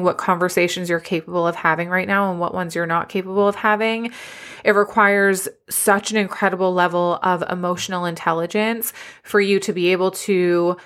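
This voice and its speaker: A woman's voice: lowish voice, fairly bright tone. A woman hosting a solo podcast as a business coach, talking candidly and emotionally, tearful at times. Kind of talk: personal solo podcast talk.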